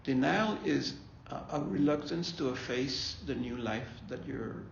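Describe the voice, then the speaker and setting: Gravelly man leading a grief group. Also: mid-range voice, a little slow, a little hiss or hum. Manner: conversational, repeats himself, asks "okay?". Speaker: grief ministry leader. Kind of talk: faith-based bereavement talk. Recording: echoey room, dull lo-fi sound.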